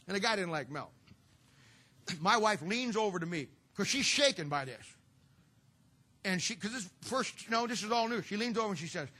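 A man's voice: sits high, bright, forceful tone. A middle-aged man preaching a humorous sermon to a church audience, telling stories with folksy, sarcastic asides.

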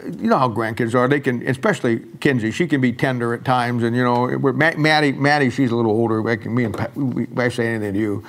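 Older guy preacher, folksy sermon, drops soft and quiet on the tender bits. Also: medium pitch, fast talker, few pauses. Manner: folksy storytelling, drops soft and quiet when quoting himself. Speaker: pastor.

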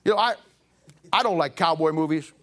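High-voiced pastor in his seventies. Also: a little fast, fairly bright tone. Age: 70s. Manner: folksy, emphatic storytelling with voiced quotes. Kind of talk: sermon. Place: church sanctuary.

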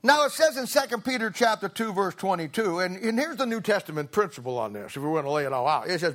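A man's voice: sits high, sing-song, quick pace, hardly any pauses, a bit bright. A middle-aged man preaching a sermon, telling a homespun story with humor before turning to scripture. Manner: folksy, humorous storyteller who laughs through his anecdotes.

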